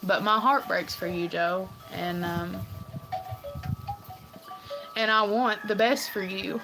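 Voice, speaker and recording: A woman's voice: medium pitch, steady tone, slow pace, music in the background, poor audio. A woman talking casually on her own livestream, rambling and earnest with many ums and restarts. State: tearful at times. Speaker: livestream host. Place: farm home.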